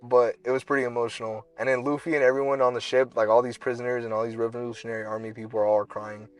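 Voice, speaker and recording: A man's voice: medium pitch, level tone, quick pace. A young man co-hosting a podcast, telling a long story in casual slang and acting out characters in bursts. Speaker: podcast co-host. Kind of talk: casual chat.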